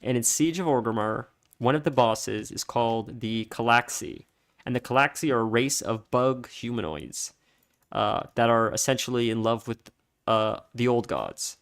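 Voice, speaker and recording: Male streamer, easygoing chatty commentary, average pitch, prone to laughing. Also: moderate pace, creaky, a bit bright. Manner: rambling storytelling, laughs often. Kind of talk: casual gameplay commentary.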